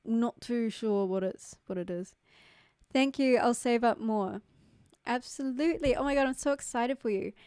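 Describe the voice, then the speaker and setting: A woman's voice: on the high side, normal speed, a little mellow, clean tone, no room sound, clean studio sound. A young woman chatting casually with viewers on a livestream, rambling and full of "like", with casual swearing. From New Zealand. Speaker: streamer. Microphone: studio mic.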